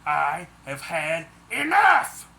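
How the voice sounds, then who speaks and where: A man voicing an angry young snake woman who snaps and shouts. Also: a little high, huge pitch swings, drawn-out words, creaky, heavily acted. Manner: snapping, shouting.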